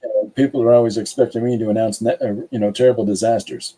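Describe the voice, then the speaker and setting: Male co-host, deep voice with audible scratch, dark and husky, relaxed joking chat. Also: quick pace, low-quality recording. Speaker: podcast co-host. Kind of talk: casual chat while drawing.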